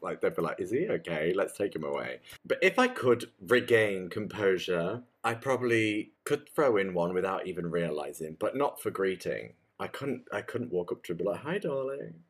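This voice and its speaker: A young man co-hosting a podcast in casual chat, rambling and correcting himself mid-sentence, animated when he quotes someone. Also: low-pitched, breathy edge. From United Kingdom. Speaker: podcast co-host.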